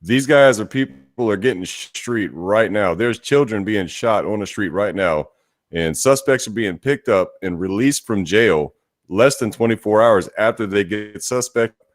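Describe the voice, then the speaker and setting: Low-voiced, jokey podcast co-host man. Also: dry recording, studio quality. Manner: jokey, animated, talks in quick bursts. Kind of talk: casual political discussion.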